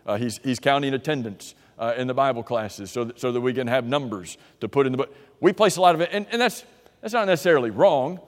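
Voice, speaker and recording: A man's voice: medium pitch, animated, fast. A man preaching a sermon in a conversational way, often putting questions to the congregation. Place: church auditorium. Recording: long hall reverb.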